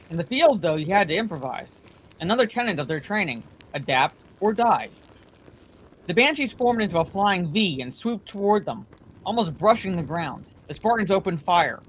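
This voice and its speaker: A woman reading a bedtime story aloud in a steady, plain way, her voice slightly congested from allergies. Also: lowish voice, rough recording.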